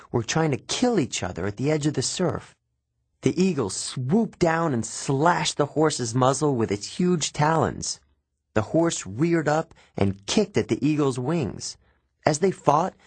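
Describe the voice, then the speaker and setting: Husky man narrating an audiobook. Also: medium pitch, no room sound. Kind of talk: first-person audiobook narration.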